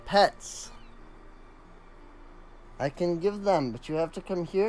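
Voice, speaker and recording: A man's voice: high voice, moderate pace, pauses often. A man streaming a video game, chatting casually with amused asides. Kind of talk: casual chat while playing a game.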